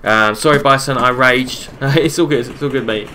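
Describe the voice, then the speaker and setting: A man with a bright, forceful voice talks through a live game stream, reading chat messages out and replying in a relaxed, chatty way, often repeating himself. Soft keyboard typing sits faintly behind him. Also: medium pitch, moderate pace, a little hiss or hum. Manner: reads chat messages aloud and answers viewers between play calls; relaxed, chatty, repeats his own phrases. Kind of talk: casual live-stream commentary while gaming.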